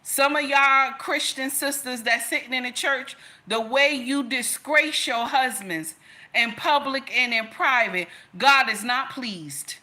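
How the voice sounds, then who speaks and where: A woman's voice: high-pitched, a little slow, bright, forceful tone. A woman speaking straight to her audience in an impassioned rant, scolding and repeating herself for emphasis. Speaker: commentator. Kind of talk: impassioned direct-to-camera rant.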